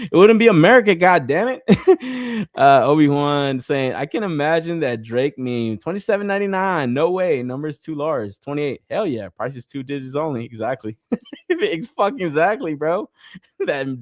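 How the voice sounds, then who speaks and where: A man's voice: medium pitch, darkish tone, no echo, clean studio sound. Profane, rambling man on a podcast. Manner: rambling, profane, with lots of fillers; laughs often while talking. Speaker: podcast host. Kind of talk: casual chat reading live comments.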